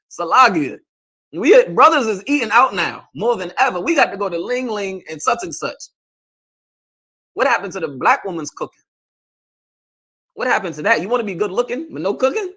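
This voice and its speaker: Street preacher guy going off, kinda high pushy voice, keeps asking you understand. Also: sharp tone, breathy edge. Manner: lecturing, repeats "You understand?". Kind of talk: confrontational sermon.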